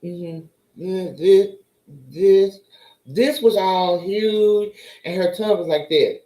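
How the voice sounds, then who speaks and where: A woman's voice: mid-range voice, takes it slowly, mellow, echoey room, rough recording. A woman chatting casually to her viewers, telling a story and acting out the voices of the people in it. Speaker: vlogger.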